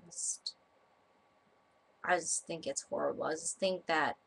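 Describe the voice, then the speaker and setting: A woman's voice: low-pitched, fairly quick, gravelly, fairly bright tone, breathy edge. A young woman from Japan telling a story to camera, rambling with many fillers and restarts. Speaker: vlogger.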